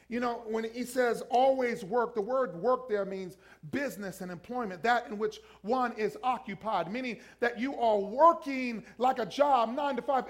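A man preaching a sermon as pastor, emphatically urging the congregation to repeat lines after him. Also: high voice. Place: church.

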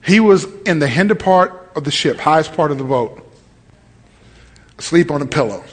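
A man's voice: on the high side, animated, normal speed, slightly rough. A male pastor preaching a sermon with humor, repeating phrases for emphasis.

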